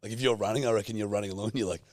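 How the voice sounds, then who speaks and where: A man's voice: lowish voice, fairly even intonation, rapid-fire, a little mellow, no room sound. A man co-hosting a podcast, teasing his co-host with dry, sarcastic, swearing banter. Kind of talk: casual banter.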